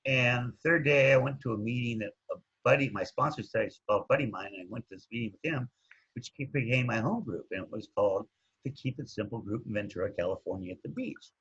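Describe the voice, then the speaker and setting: A man with a husky voice casually telling his recovery story, rambling and looping back with "anyways", on a dull lo-fi recording. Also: mid-range voice, a little fast, a bit bright. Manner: rambling, keeps saying anyways.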